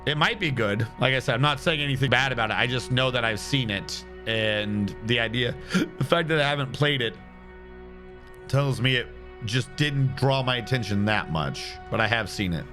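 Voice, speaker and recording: A man with a medium-pitched, expressive voice and a moderate pace thinks aloud casually while playing a building game and responding to his stream's chat. Guitar music plays behind the game stream.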